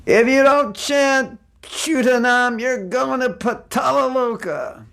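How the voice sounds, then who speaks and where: A man's voice: very high voice, takes it slowly, vocal fry, fairly bright tone, voice pushed up, full character voice. A man doing a mocking impression of a zealous street preacher who scolds listeners and warns of hellish punishments. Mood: scolding, preachy. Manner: preachy, scolding, sing-song.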